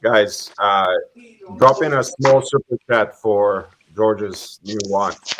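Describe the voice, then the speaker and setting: Slow, calm-spoken man co-hosting. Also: lowish voice. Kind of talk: casual livestream chat.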